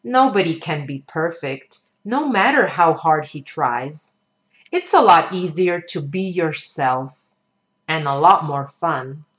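A woman voicing a kind schoolteacher who speaks in a gentle, reassuring way. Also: low-pitched, animated, slow pace, exaggerated voice.

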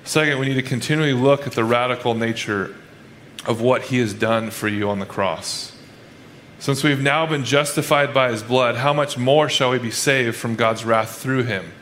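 Speaking at an ordinary pace, this man has a mid-range, slightly bright voice, with faint hiss or hum in the background. He's a pastor preaching in a relaxed, chatty way, frequently starting sentences over and acting out what people are thinking in quoted asides.

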